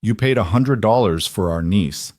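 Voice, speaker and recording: A man's voice: on the low side, expressive, normal speed, darkish tone, dry recording, clean studio sound. A man playing a careful, formal middle-aged uncle in a narrated western tale.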